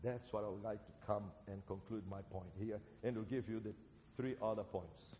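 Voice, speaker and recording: A man from Brazil with a Brazilian accent, preaching a sermon as a seminary teacher, animated and swinging between loud and soft. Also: lowish voice, moderate pace, background noise. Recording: reverberant hall.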